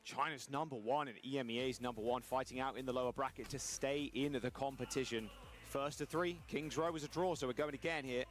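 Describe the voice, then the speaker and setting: A man's voice: medium pitch, fairly quick, faint music behind. A man calling the action in an esports match, following the plays and reacting as they happen. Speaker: esports play-by-play caster. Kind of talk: esports play-by-play commentary.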